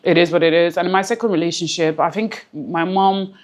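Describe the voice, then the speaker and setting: Low-voiced woman speaking earnestly. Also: steady tone, a little fast. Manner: earnest, reflective, repeats phrases for emphasis; close to tears at times. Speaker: interview guest. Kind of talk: emotional personal interview.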